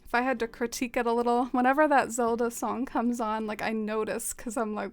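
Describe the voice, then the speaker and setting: A woman's voice: fairly high pitch, steady tone, a little fast, no room sound. A woman streamer chatting casually while playing, thinking aloud and answering her chat. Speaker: game streamer. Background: faint guitar game music.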